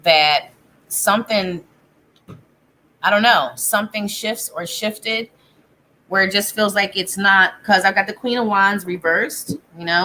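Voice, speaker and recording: A woman with a bright, forward voice gives a live tarot reading from her home. She talks casually, thinking aloud and breaking off mid-sentence. A faint hiss of background noise sits under the recording. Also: mid-range voice. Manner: chatty, thinks aloud, self-interrupting. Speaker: psychic tarot reader.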